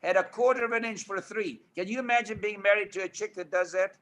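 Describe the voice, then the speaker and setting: An older man from South Africa, a guest telling lively anecdotes in a relaxed chat. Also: high voice, quick pace. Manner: lively anecdotes, animated impressions of others. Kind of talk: storytelling chat.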